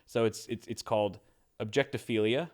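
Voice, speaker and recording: Podcast co-host, man, low-ish voice, casual, stammers and laughs a lot. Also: fairly even intonation, normal speed. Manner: laughs often, stammers and repeats words.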